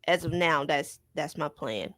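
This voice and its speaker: Young woman, memphis accent, soft relaxed chat, dry close sound. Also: deep voice, measured pace, dry recording. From Memphis, Tennessee. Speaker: radio show co-worker. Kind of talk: casual chat.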